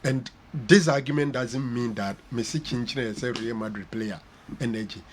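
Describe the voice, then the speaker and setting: A man's voice: medium pitch, normal speed, a little hiss or hum. A man with a Ghanaian accent, a sports pundit arguing football in a studio debate, switching between English and Twi. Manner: mixes English and Twi, argumentative.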